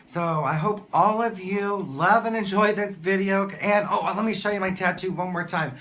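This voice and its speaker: A man telling a story to camera in a casual vlog, excited and gushing, often restarting his sentences. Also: high-pitched, moderate pace. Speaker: vlogger.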